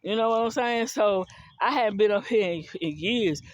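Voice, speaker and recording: A woman from the US South and Philadelphia, with an African American Vernacular English accent, addresses her listeners directly as she tells a personal story in a blunt, heated, profane, casual monologue. She speaks at medium pitch and normal speed. The audio has no echo and its highs are cut off.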